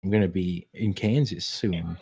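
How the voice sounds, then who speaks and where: A man's voice: deep voice, normal speed, a crowd in the background. A young man co-hosting a podcast, teasing his friends in a laid-back way. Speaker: podcast co-host. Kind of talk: casual chat.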